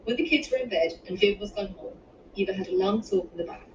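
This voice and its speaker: A woman reading her own novel aloud in measured storytelling. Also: mid-range voice, a little hiss or hum. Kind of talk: audiobook narration. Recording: distant roomy dull-sounding recording.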